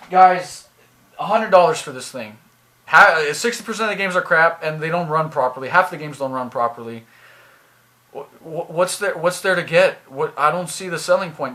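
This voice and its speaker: A man's voice: sits high, fairly bright tone. A man delivering an exasperated, swearing rant to camera, repeating himself as he vents. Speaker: video creator. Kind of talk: angry product rant.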